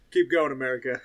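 A man co-hosting a casual podcast chat, sarcastic and teasing, swearing freely. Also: mid-range voice. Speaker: podcast co-host.

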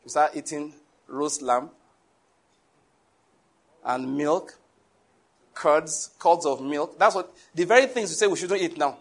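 A male preacher, delivering a lively sermon and asking his congregation questions. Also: fairly high pitch, slow, pauses often. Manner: animated, rises to shouts, asks the congregation questions.

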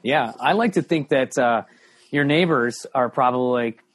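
A man's voice: medium pitch, normal speed. A man hosts a casual chat in a mid-range voice, eager and upbeat. He talks in a friendly, keen way and laughs easily. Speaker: podcast host.

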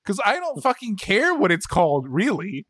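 A man chatting casually on a podcast, quick and emphatic, often restarting his sentences. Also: high voice, huge pitch swings, a bit bright, husky, dry recording, clean studio sound. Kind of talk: casual chat.

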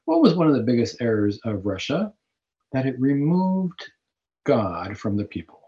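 A man's voice: medium pitch, very animated, normal speed, dark tone. Earnest man hosting Catholic radio. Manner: earnest, preaching, with fillers and restarts. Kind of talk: radio talk show monologue. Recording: dull lo-fi radio audio.

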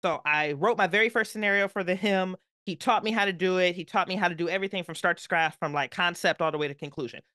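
A woman guest on a podcast, telling a story in an animated, emphatic way with playful asides. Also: fairly low pitch, fast talker, hardly any pauses, dry recording, studio quality.

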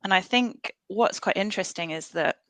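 A woman's voice: medium pitch, normal speed, dry recording. A woman researcher talking as a podcast guest, earnest and thoughtful, with frequent fillers and restarts. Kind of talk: podcast interview.

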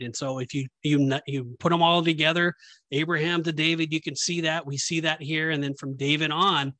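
Easygoing guy on a faith podcast, slightly high voice, explaining scripture, dry mic. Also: steady tone, brisk, sharp tone, no room sound. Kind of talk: casual chat.

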